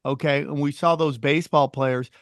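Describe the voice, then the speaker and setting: A man hosting a podcast in casual chat, telling stories with lively voiced quotes. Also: fairly high pitch, moderate pace, dry recording, clean studio sound. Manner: animated storytelling, acts out quoted people. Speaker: podcast host and comedian.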